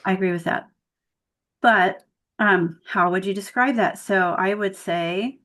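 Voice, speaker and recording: A woman's voice: medium pitch, unhurried, a bit bright. A woman leading an online workshop for tutors, explaining grammar with spoken example sentences over a video call mic. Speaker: tutor trainer.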